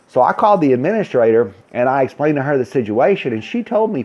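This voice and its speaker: Man, nursing supervisor type, ranting vlog monologue, warm low-key tone, dull lo-fi recording. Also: lively intonation, fast, hardly any pauses. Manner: blunt, ranting, acts out dialogue. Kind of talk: casual storytelling rant.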